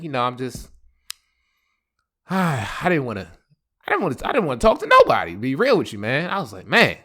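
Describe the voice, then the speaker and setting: A man telling a casual storytime, animated, laughing often and jumping his voice up high when he quotes other people.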